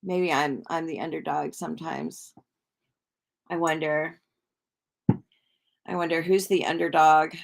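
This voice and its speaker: A woman with a deep, gravelly, steady voice hosts a casual livestream at a measured pace, leaving long pauses amid slight background noise. A tarot reader, she rambles chattily with lots of fillers and greets viewers in the chat.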